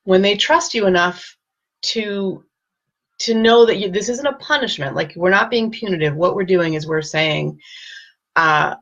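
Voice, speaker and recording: A woman hosting a casual live-stream with parenting advice, speaking gently and reassuringly and greeting viewers by name. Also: mid-range voice, a little slow, muffled recording.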